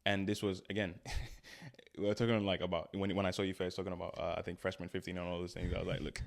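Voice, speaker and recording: Fast-talking young man telling a story. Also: deep voice, vocal fry. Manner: animated storytelling, laughs often, acts out quotes. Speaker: guest, spoken word artist. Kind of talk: casual interview chat.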